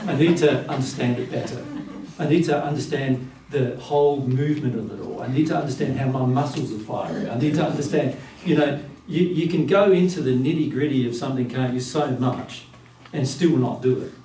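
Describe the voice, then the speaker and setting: A man giving a casual spiritual teaching talk to a small group, lively and blunt, often laughing. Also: medium pitch, a little fast, few pauses. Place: living room. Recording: roomy, distant, faint room hum.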